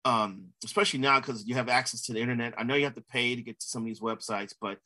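A man's voice: medium pitch, steady tone, fast talker, bright, forceful tone. A man from Minnesota, a sports columnist being interviewed, thoughtful and full of "you know" fillers. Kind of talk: casual interview.

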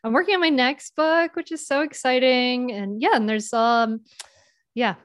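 A woman's voice: sits high, steady tone, moderate pace, smooth, no echo, clean studio sound. A woman speaking as a podcast guest on mindful parenting, earnest and reflective in casual interview talk.

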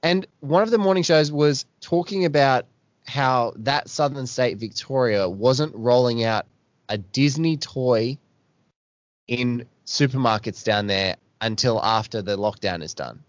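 A man's voice: medium pitch, a little slow, dry recording. Australian male podcast host, frustrated and sweary, recorded dry and a bit dull. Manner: exasperated ranting with swearing. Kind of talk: casual podcast chat.

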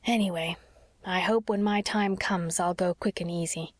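A woman reading the part of a frail, gentle old sea captain, speaking softly and wistfully in a low voice. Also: steady tone, moderate pace, dry recording, lightly acted.

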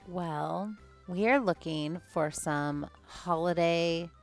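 Gravelly low-voiced female co-host. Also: slow, soft background music. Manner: playful, upbeat, teasing. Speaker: podcast co-host. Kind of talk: casual chat.

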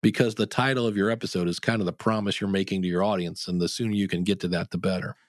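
A man, a podcast coach, answering interview questions in an animated way, acting out the people he quotes. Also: deep voice, fast talker, no echo, studio quality.

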